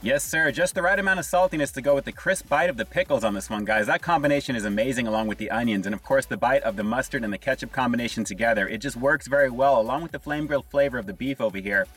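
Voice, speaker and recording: A man casually reviewing fast food on his vlog, upbeat and full of catchphrases, talking to viewers as "guys". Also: medium pitch, a bit bright, slightly rough, far from the mic, soft background music.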